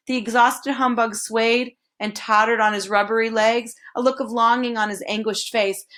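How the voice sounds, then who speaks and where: A woman reading a children's novel aloud, expressive and slowing down on dramatic phrases. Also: on the high side. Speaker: storybook reader.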